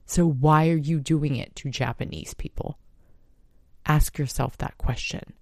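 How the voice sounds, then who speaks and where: A woman's voice: sits low, steady tone, a little slow, creaky, dry recording, studio quality. A woman hosting a podcast, speaking in an earnest, emphatic monologue and swearing now and then for emphasis. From United States. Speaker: podcast host. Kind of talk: impassioned monologue.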